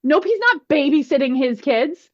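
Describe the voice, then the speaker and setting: Earnest woman guest, reflective, raised pitch, dull lo-fi line. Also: normal speed. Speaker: guest presenter. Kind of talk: casual podcast chat. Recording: muffled lo-fi audio.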